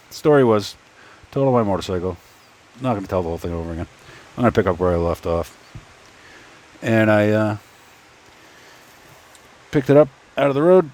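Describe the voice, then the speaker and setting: A man's voice: lowish voice, a little mellow. Rambling man chatting at his workbench. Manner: rambling, stop-start, talks to himself while assembling. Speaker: 3D printing YouTuber. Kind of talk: casual workbench storytelling. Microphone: phone.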